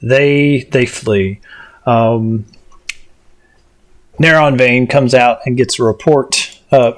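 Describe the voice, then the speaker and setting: A man's voice: medium pitch, steady tone, slow. A man running a tabletop game as game master, rambling with lots of ums and restarts. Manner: rambling, many fillers and restarts.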